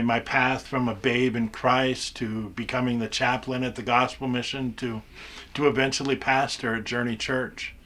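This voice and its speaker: A man's voice: mid-range voice, fairly bright tone. A man who is a pastor giving an earnest farewell tribute in a church, often stumbling and repeating words. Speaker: pastor and mission chaplain.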